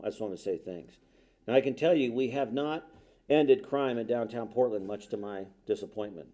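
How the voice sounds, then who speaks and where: A man's voice: mid-range voice, vocal fry, dark tone. A middle-aged man giving a talk, telling a personal story in a conversational, self-deprecating way with quoted dialogue. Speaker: speaker.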